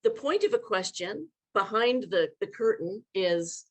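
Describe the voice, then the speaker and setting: A woman leadership coach speaks in a live online workshop, her pitch sitting in an ordinary middle range. She talks in an animated way and acts out different tones of voice as examples. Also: measured pace, hardly any pauses. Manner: animated, demonstrates vocal inflections.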